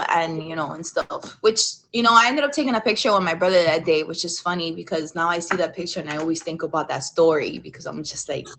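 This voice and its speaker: A woman's voice: medium pitch, a little fast, low-quality recording. A young adult woman, a podcast guest, telling a rambling personal story in a casual way with lots of "like" and some cursing. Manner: rambling, animated, with frequent "like" and cursing.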